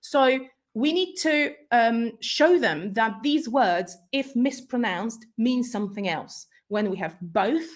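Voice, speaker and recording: A woman's voice: fairly high pitch, lively intonation, slow pace. A woman whose first language is Polish, giving a conference talk on pronunciation to teachers, explaining patiently and checking in often. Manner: explanatory, checks in with frequent "right?". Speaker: teacher trainer.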